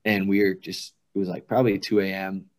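A man with a very low, deep voice sits in on a casual podcast conversation. He tells his anecdotes with animated delivery, often breaking into laughter mid-sentence. His tone is relaxed and conversational. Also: a little fast. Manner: laughs through vivid anecdotes. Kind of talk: casual chat, storytelling.

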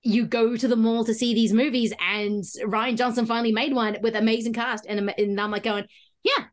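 Chatty laughing woman podcaster. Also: fairly high pitch. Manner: animated, laughs often, quick asides. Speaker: podcast co-host. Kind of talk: casual movie chat.

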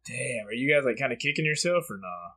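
Brief: casual male podcast host, relaxed, profane, friendly slang. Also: medium pitch, quick pace, breathy edge, poor audio. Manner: laid-back, swears a lot, says "bro" and "dude". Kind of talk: casual chat.

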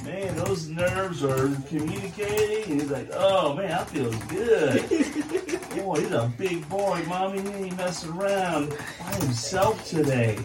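A man's voice: high voice, normal speed, hardly any pauses. A man working as a chiropractor, joking and laughing as he treats a child. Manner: jokey, laughing. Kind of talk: casual banter during treatment. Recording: echoey room, distant mic, loud noise.

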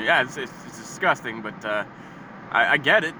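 A man's voice: medium pitch, animated, normal speed, pushed and bright, poor audio. A man delivering a heated, profane comedic rant, rambling and repeating himself. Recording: street recording with traffic noise. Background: passing cars.

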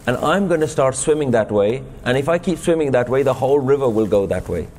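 A man's voice: medium pitch, animated, fairly quick, darkish tone, slight background noise, lightly acted. A man voicing a stubborn, complaining fish in a sermon parable, with an insistent, self-pitying manner. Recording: reverberant gurdwara hall.

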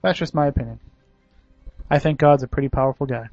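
A man's voice: medium pitch, quick pace, darkish tone, no room sound, dull audio, faint music behind. A man hosting a casual talk show, reading news stories aloud and adding his own opinions and jokes. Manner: chatty, adds personal opinions and jokes.

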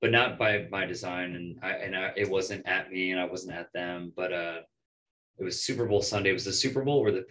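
A young man, a bartender, telling animated stories in casual chat, swearing and acting out quotes. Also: sits low, a little fast, slight background noise, poor audio. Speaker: bartender guest. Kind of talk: casual storytelling.

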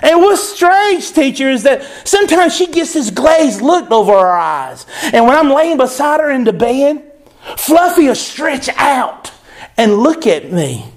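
A man's voice: very high-pitched, very animated, unhurried, voice pushed up, heavily acted. A man voicing a strange, sweet little girl in a wide-eyed, sing-song storytelling manner. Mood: naive.

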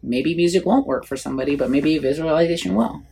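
A woman's voice: deep voice, quick pace, creaky, mellow, breathy edge. A woman who is a podcast guest, chatting casually in an earnest, encouraging way. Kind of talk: casual conversation.

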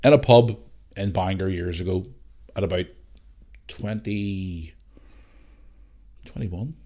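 Sweary Northern Irish man, low voice. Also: slow, a little mellow. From Northern Ireland. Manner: swears a lot, rambling storytelling. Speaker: podcast host. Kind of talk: casual chat.

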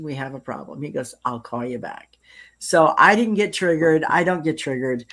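Older woman, host, low voice, chatty storyteller, laughs at own jokes. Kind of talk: casual interview chat.

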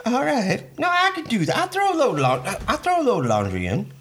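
A man's voice: extremely high pitch, huge pitch swings, fast, fairly bright tone, husky, heavily acted. A man playing a flustered, crude chicken shop owner who blusters and curses through his sales patter. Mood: sheepish. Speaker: comedy podcast host. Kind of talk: improvised comedy role-play.

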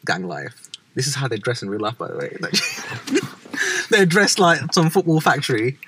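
A young man, chatting casually as a vlog co-host, animated and swearing freely. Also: mid-range voice, measured pace, noisy background. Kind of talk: casual chat.

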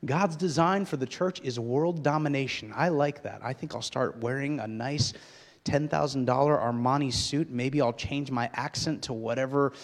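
A man preaching a sermon as pastor, swinging between quiet low asides and loud, rising, emphatic passages. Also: normal speed, long reverb tail.

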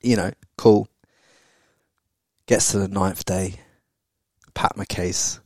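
A low-voiced man tells a personal story on a podcast, blunt and full of swearing. He keeps checking in with his listener through quick tag questions. The sound is close and dry. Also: steady tone, a little mellow, no room sound. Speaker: podcast guest. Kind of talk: candid storytelling.

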